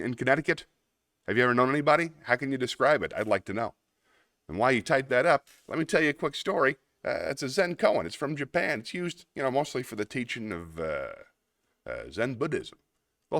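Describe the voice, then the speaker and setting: A man's voice: mid-range voice, fairly bright tone, no room sound, clean studio sound. A man hosting a casual livestream, rambling in a self-deprecating way and answering chat messages aloud. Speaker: livestream host.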